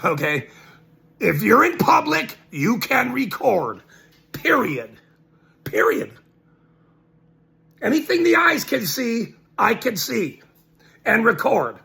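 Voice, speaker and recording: Man, very high gravelly voice, bright tone, ranting, mocking, repetitive. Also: huge pitch swings, takes it slowly, pauses often. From Ireland. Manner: mocking, laughing between lines; repeats points emphatically. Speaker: citizen journalist. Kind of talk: ranting monologue to camera.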